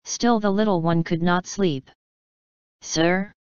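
A woman reads a classic novel in a measured, even manner, her voice lowish and very clear. The recording is dry and close, with a slightly dull tone. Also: no echo. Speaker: audiobook narrator. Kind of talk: scripted narration.

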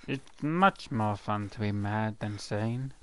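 A man's voice: fairly low pitch, takes it slowly. A man chatting to himself over gameplay, rambling and answering his own questions in silly voices. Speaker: gaming channel host. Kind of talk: casual gameplay commentary.

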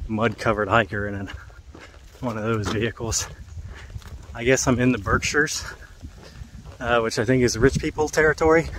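A man's voice: medium pitch, slight background noise, low-quality recording. A man hiking a long trail and talking to the camera in a casual vlog, with wry, self-mocking commentary on his day outdoors. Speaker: long-distance hiker vlogging.

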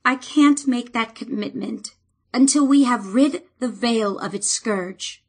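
A woman voicing an earnest, devoted young woman druid in an audiobook, speaking softly and heartfelt. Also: a little high, a little slow, husky, pitched above the performer's own voice. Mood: tender.

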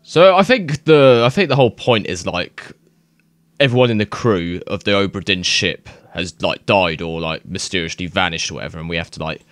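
A young man giving excitable, rambling let's-play commentary, swearing and thinking aloud as he plays. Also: deep voice, moderate pace, no room sound, studio quality. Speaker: gaming YouTuber.

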